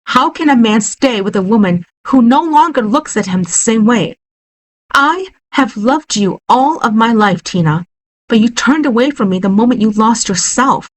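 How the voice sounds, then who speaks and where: A woman's voice: a little high, animated, normal speed, pitched above the performer's own voice. A woman reading a horror story aloud, voicing a bitter, wounded husband who talks in an accusing, pleading way.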